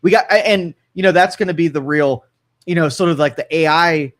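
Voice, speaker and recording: A man's voice: a little high, fairly quick. A man co-hosting a radio talk show, opinionated and rambling, with frequent restarts and an Ohio accent. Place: radio studio.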